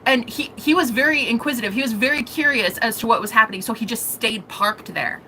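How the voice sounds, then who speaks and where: A woman's voice: a little high, brisk, sharp tone, a little hiss or hum, rough recording. A woman vlogger telling a story in an emotional, rambling way, swearing freely. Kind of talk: storytelling vlog.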